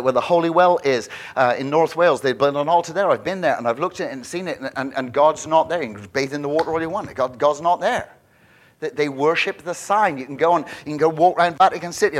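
Conversational preacher with a higher voice. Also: male voice. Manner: conversational, repeats words when stressing a point. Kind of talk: sermon.

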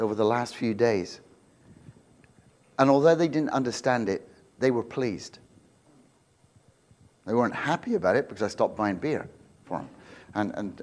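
A pastor delivering a sermon in a church, in an animated, unscripted way. He gets loud and climbs high to stress a point, then drops to a low, quiet storytelling tone. He often repeats and restarts his words. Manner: animated, loud and rising on emphasis, with many restarts.

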